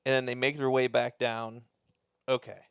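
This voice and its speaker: A man's voice: mid-range voice, little pitch movement, normal speed, gravelly, clear, resonant tone, no room sound, studio quality. A man in casual podcast chat, animatedly retelling a film plot with lots of swearing. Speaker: podcast co-host.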